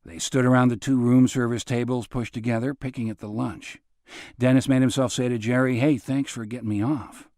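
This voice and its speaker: A man's voice: medium pitch, steady tone, brisk, a little mellow, no room sound, studio quality. A man reading a crime novel aloud, narrating and voicing the dialogue with slight shifts between characters. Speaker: audiobook narrator. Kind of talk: scripted narration.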